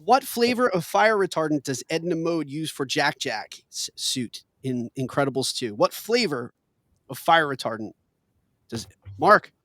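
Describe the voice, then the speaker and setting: A man's voice: a little high, expressive, normal speed, fairly bright tone, no echo. A man hosting a casual trivia game, reading questions with playful emphasis and laughing often. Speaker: quiz host.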